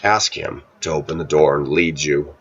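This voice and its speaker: Deep-voiced man rambling a personal story. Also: moderate pace, lo-fi sound. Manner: rambling storytelling, frequent throat clearing. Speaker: vlogger. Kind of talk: casual monologue to camera.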